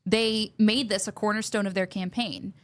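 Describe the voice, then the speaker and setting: A woman's voice: mid-range voice, steady tone, moderate pace, no room sound. A woman contributor on a political panel, making questioning, ironic points. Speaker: show contributor.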